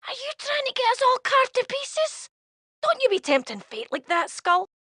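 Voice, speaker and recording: An actress playing a blunt, sharp-tongued young female tiefling thief with a tail in game dialogue. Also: very high voice, big pitch swings, moderate pace, no echo, full character voice. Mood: scornful.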